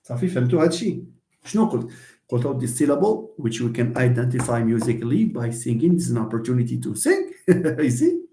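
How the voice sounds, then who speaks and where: Speaking very fast in a mid-range voice, this Moroccan man lectures an online class with animation, mixing English, French and Arabic and fielding his own questions. The recording is reverberant.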